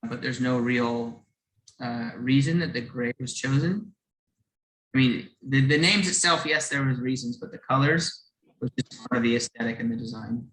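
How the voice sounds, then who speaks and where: A man's voice: mid-range voice, normal speed, a bit bright, roomy sound, poor audio. A man presenting a whiskey brand on a video call, explaining earnestly, restarting phrases and chuckling now and then.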